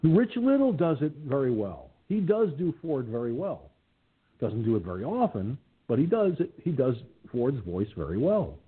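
Man, radio talk host, casual rambling chat, husky, tinny phone-line sound. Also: medium pitch, very animated, normal speed. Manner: rambling, with frequent fillers.

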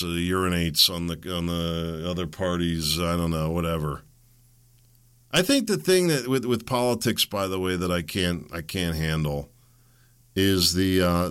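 Middle-aged male podcast host, solo casual monologue, rambling and wry, pitch leaps around a lot. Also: pushed and bright. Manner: rambling, wry, chuckles at his own jokes.

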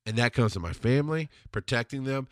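A man's voice: medium pitch, dry recording. Podcast host, male, blunt and intense, swears freely, mid-range voice, dead dry sound. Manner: emphatic, slows down on hard points. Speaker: podcast host answering listener questions. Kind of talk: casual monologue.

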